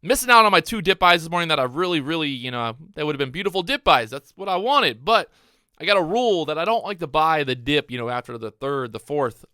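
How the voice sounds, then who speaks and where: A man giving live day-trading commentary to his viewers, excitable and out of breath, repeating his phrases as he watches the charts. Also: on the high side, fast, no echo, studio quality. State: out of breath, hyped up. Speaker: day trader streaming his trades.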